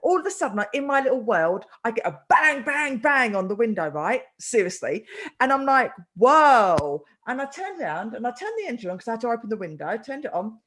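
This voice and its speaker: Lady chatting, bit high voice, really lively, acts out the quotes. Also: quick pace. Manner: animated storyteller, acts out quotes. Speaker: host. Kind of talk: casual chat.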